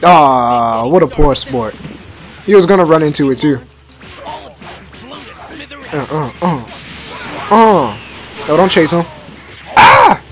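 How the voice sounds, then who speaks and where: Young guy yelling at a fighting game, slangy and hyped, kinda high voice, game music under it. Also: a little slow, long pauses. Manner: hyped, slangy, talks back to the game, many restarts. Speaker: gaming YouTuber. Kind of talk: excited let's-play commentary.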